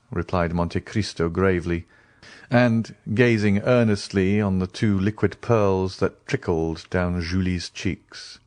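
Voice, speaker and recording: A man narrating an audiobook in an expressive storytelling manner. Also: low-pitched, measured pace, dry recording. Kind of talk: scripted narration.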